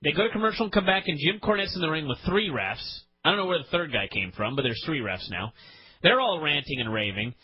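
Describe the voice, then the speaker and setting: A man's voice: a little high, animated, husky, muffled recording. A man hosting a podcast, ranting in an exasperated, profane way about a show he hates. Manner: exasperated, profane, fast-shifting rant. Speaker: podcast host. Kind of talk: ranting wrestling podcast chat.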